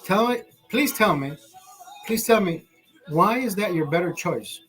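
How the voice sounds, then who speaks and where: A man's voice: sits high, animated, unhurried, a bit bright, soft background music. A man hosting a live stream, ranting in a rambling, profane way with laughing asides. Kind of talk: livestream rant.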